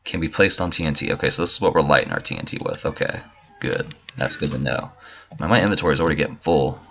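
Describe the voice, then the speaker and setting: A man's voice: rumbling low, big pitch swings, fast, creaky, sharp tone, a little hiss or hum. A man giving casual, profane, joking let's play commentary and talking back to game characters. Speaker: gamer.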